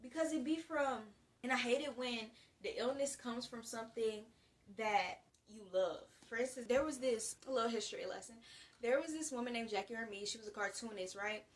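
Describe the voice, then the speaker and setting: A 19-year-old woman from the US gives a casual, slangy to-camera monologue, talking in an animated way with big swings in loudness. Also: on the high side, moderate pace, far from the mic. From United States. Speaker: vlogger.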